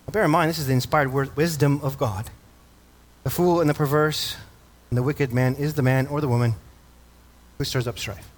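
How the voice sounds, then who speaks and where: Reading scripture aloud and asking his congregation questions, a male pastor delivers an earnest sermon. His medium-pitched voice keeps a fairly even intonation at normal speed.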